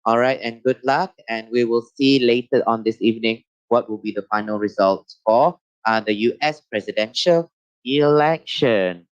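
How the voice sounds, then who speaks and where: A Malaysian man hosts a live web talk show in a mid-pitched voice, pausing often on uh and um and repeating himself as he goes. The sound is dull and lo-fi, with a dry, close feel and no room around it. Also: clear, resonant tone, no echo. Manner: halting, fills pauses with uh and um, repeats phrases.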